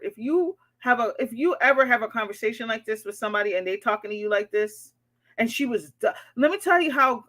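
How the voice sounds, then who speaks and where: Woman, therapist vlogger. Higher-pitched voice with a sharp edge, blunt, indignant, swears a lot. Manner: indignant ranting. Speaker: therapist reacting to a social media post. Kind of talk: reaction vlog commentary.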